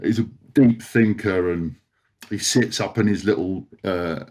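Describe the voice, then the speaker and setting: A man's voice: deep voice, a little slow, darkish tone. A man in his forties, a guest on a chat podcast, telling long self-deprecating stories and laughing often. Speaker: podcast guest, former rugby player. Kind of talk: casual anecdotal chat.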